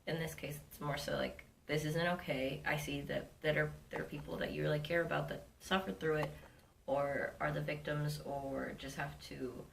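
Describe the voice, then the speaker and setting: A woman with a very low, gravelly voice chats casually on a podcast and often finishes her partner's sentences. She sits a little back from the mic. Faint noise runs underneath. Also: moderate pace, distant mic. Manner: relaxed, chimes in to finish the other's sentences. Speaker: podcast co-host.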